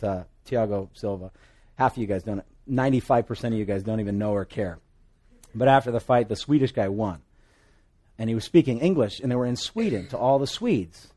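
Hawaiian guy preaching, jokey, swings loud then quiet, middle pitch. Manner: animated, joking asides, pitch and volume swing widely. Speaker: pastor. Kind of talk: sermon.

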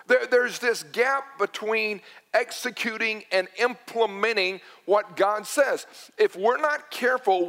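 High-voiced preacher in a reverberant hall. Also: male voice, takes it slowly, sharp tone. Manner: storytelling, emphatic with repeated phrases. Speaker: pastor. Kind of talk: sermon. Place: church sanctuary.

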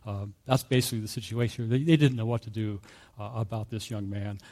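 A man preaching a sermon in a relaxed, conversational way, telling a story with fillers and small chuckles. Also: on the low side, a little fast. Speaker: pastor.

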